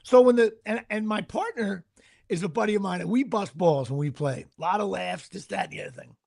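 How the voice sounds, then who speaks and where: A man's voice: high voice, vocal fry, slightly rough. A middle-aged man hosting a casual chat, telling a story with laughs and acting out what people said. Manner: animated, laughs mid-story, acts out quotes. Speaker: podcast host.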